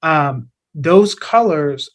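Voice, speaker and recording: A man's voice: fairly high pitch, expressive, extremely slow, rough recording. A man who is a guest on an interview podcast, talking casually about his business, with a rambling, filler-heavy way of talking.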